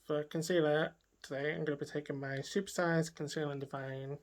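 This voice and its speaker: A woman's voice: deep voice, steady tone, fairly quick. A woman beauty vlogger talking casually through a makeup tutorial, chatting to herself and trailing off into murmured asides as she works.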